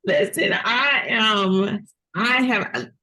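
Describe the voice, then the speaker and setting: Woman host, interviewer, casual and effusive, middle-pitched voice. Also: drawn-out words, sharp tone, rough recording. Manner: effusive, casual, many backchannels.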